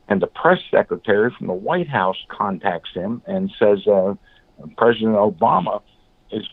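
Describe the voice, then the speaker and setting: A man guest in an interview, telling blunt, animated stories and acting out what others said. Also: on the low side, creaky, no echo. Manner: blunt, animated storyteller, acts out quotes. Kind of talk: storytelling in an interview. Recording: phone-like, dry call audio.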